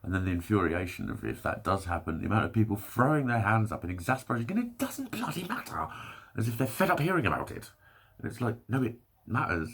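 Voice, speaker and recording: In this candid solo rant to camera, a male vlogger talks fast in a fairly low, sing-song voice that's creaky, husky and a bit bright. He rambles along, swearing frequently and breaking off his sentences partway through.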